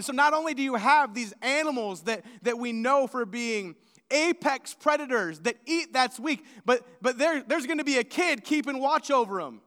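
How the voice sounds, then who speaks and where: Male pastor preaching in a church; bright, forceful tone, animated storyteller. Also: very high voice. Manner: storytelling, animated with acted-out quotes. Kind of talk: sermon. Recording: long hall reverb.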